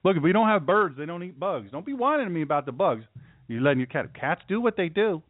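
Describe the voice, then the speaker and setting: A man's voice: fairly high pitch, sing-song, fast talker, dry recording. A man hosting a talk radio show, delivering an opinionated, sarcastic monologue. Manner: sarcastic, mocking, puts on caricature voices. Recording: dry, phone-like radio audio.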